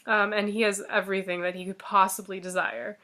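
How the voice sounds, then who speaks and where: A woman's voice: mid-range voice, level tone, brisk, pushed and bright, pitched below the performer's own voice, natural voice. A woman voicing a clever female talking fox who talks persuasively in a casual fairy-tale retelling. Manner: persuasive, chatty.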